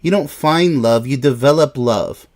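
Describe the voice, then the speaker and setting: A man's voice: medium pitch, measured pace. A man giving a sarcastic, exasperated reaction commentary while reading an article aloud, with frequent incredulous exclamations. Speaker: relationship commentator.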